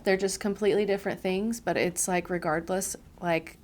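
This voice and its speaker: A woman's voice: on the low side, fairly even intonation, moderate pace, a little mellow, a little hiss or hum. A woman hosting a podcast interview, chatty and empathetic, talking in loose, run-on sentences full of fillers. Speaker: podcast host. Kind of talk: casual interview conversation.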